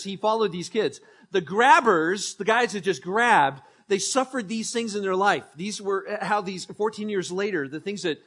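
A man preaching a sermon as pastor, conversational and joking, telling animated stories. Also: sits high, slightly rough.

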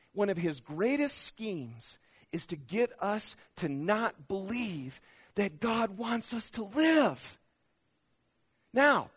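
A man preaching a sermon, asking the congregation questions and swinging between loud, pressing exhortation and hushed, intimate asides. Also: high voice. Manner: speaks directly to the congregation with questions. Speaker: pastor.

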